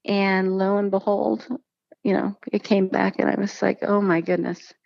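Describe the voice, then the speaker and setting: A woman's voice: medium pitch, moderate pace, creaky, dry recording, highs cut off. A woman, probably in her thirties, telling her personal story in casual conversation and acting out the voices of the people she quotes. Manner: animated storytelling, acts out quoted speech.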